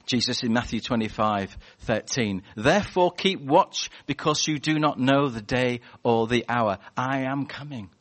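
A man giving a lively church sermon, chatty and animated, slipping into acted-out voices as he tells stories. His voice sits at an ordinary middle pitch. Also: moderate pace, hardly any pauses. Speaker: preacher.

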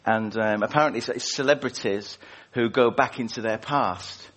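During a church service, a man leads prayer and preaches in an informal, conversational style, asking the congregation questions. His voice is medium in pitch and fairly bright, and he keeps a moderate pace.

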